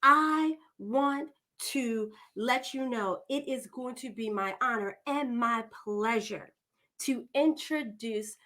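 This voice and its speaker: Slow-talking chatty woman podcast host. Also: a little high, bright, forceful tone. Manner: chatty, digressive, addresses listeners as "y'all". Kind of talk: warm, chatty podcast introduction.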